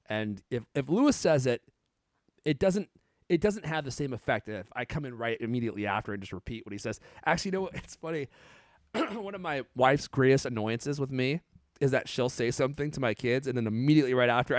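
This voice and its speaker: A man's voice: mid-range voice, expressive, fairly quick, no room sound, clean studio sound. A man in his thirties co-hosting a podcast, joking and teasing his co-host in casual chat. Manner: playful, teasing, laughs often.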